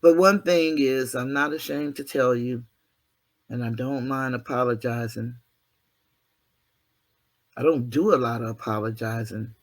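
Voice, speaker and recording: Earthy preachy man vlogging. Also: mid-range voice. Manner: preachy, earthy, self-deprecating, mild cursing. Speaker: channel host. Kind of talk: motivational monologue to viewers.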